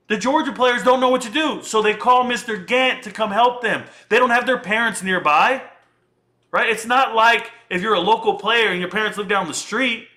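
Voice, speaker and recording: A man in his thirties giving casual, slangy commentary and telling a story in an animated, conversational way. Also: high voice.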